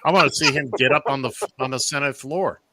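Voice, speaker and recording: A man's voice: medium pitch, fast talker, pushed and bright, dry recording. A man from Long Island, co-hosting a casual political chat on the radio, blunt and opinionated. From Long Island, New York. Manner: blunt and opinionated, teasing the others. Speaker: radio show co-host.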